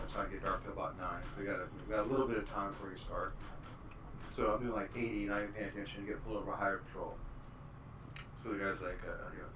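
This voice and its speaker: A man tells a rambling story in fast, casual chat, his voice sitting a little low. He sounds far from the mic in an echoey room. Steady background noise is clearly audible. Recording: roomy echo, distant mic, noise.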